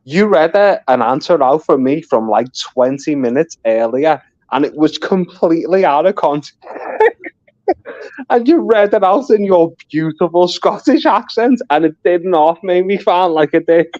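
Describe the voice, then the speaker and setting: A man's voice: fairly high pitch, expressive, moderate pace, a little mellow, dry recording. A man chatting casually and swearing on a live stream, laughing often as he tells stories. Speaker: guest on a live stream chat. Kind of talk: casual chat. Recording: dull lo-fi audio.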